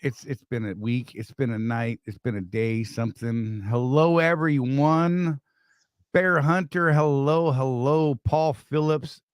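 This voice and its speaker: A man's voice: mid-range voice, steady tone, a little slow, clean tone, no echo. Joking older man with a dry sound. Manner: joking, teasing, greets viewers by name. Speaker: live stream co-host. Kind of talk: casual live stream chat.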